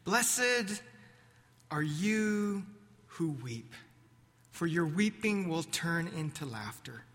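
A man voicing a calm, gentle teacher, speaking slowly and solemnly. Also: a little high, heavily acted. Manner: slow, measured, solemn. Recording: echoey hall reverb.

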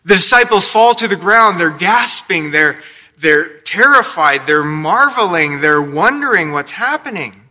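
Guy pastor giving a sermon, slow and deliberate, really bright voice, kinda high. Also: lively intonation. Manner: storytelling with playful asides. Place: church sanctuary.

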